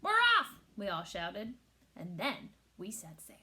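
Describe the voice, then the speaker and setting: A woman reading a children's picture book aloud with expressive storytelling. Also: lowish voice, takes it slowly. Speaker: teacher.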